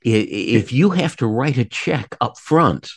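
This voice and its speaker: A man interviewing a guest, stating points calmly and firmly. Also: medium pitch, unhurried, slightly rough, no echo, clean studio sound. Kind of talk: interview chat.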